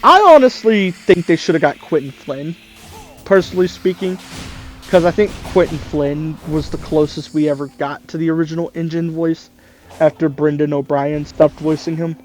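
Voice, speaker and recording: A man's voice: fairly high pitch, steady tone, normal speed, faint music behind. A man hosting a gaming video, chatting casually and rambling, correcting himself as he thinks aloud. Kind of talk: casual chat about voice impressions.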